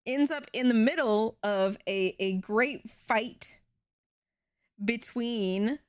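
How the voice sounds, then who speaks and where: A young woman streaming, retelling a show in an animated, rambling way with casual swearing. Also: a little high, takes it slowly, clean tone, dry recording, studio quality. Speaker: VTuber streamer.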